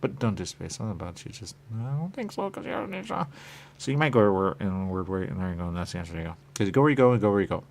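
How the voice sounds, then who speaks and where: Gravelly guy rambling on a radio show, voice bounces all over, keeps repeating himself. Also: fairly low pitch, big pitch swings, very fast, a little hiss or hum. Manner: repetitive, playful, muttering asides, wide swings in loudness. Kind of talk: rambling stream-of-consciousness monologue.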